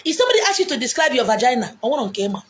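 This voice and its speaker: A woman with a Nigerian accent delivering an animated, preaching monologue, acting out quotes with big swings in pitch and loudness. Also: very fast. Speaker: self-styled spiritual messenger. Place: beach, outdoors. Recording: faint background noise, outdoors.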